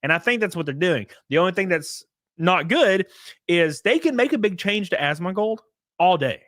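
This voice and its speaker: A man's voice: sits high, expressive, moderate pace, a bit bright, no room sound, clean studio sound. A young man casually chatting on a livestream, reading chat aloud with crude, rambling jokes.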